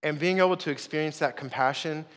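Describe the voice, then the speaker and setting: A man's voice: on the high side, fast talker. A young man, a pastor, telling a story in a sermon and calling the congregation y'all. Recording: long hall reverb.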